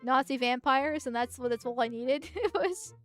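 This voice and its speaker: A high-pitched woman streamer gives live commentary over a game, quick to anger and full of swearing. She rambles, stumbles over restarts and bursts into heated rants, with faint music playing behind her. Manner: ranting, profane, quick to anger. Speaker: vtuber streamer.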